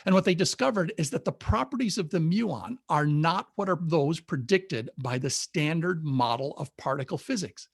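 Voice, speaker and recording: Higher-voiced man explaining physics. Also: animated, normal speed, few pauses, husky, dry recording, clean studio sound. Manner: explanatory, enthusiastic, lists facts methodically. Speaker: science talk presenter. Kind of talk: informal public science talk over video call. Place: home or office on a webinar. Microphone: video call mic.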